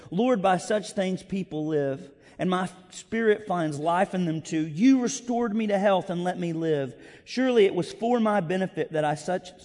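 A man preaching a sermon as pastor, conversational and self-deprecating, moving between storytelling and scripture reading. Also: sits high. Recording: long reverb of a large hall.

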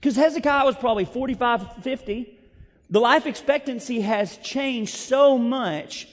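In a very high voice and at a measured pace, a pastor moves from storytelling to scripture reading in his sermon. He keeps it conversational and self-deprecating, and a large hall's long reverb surrounds him.

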